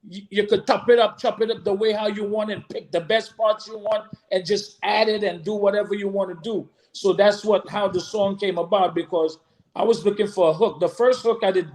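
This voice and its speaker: A man being interviewed about making a song, animated and repetitive, who sometimes breaks into sung hooks. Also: sits high, poor audio. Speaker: guest musician. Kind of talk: storytelling interview.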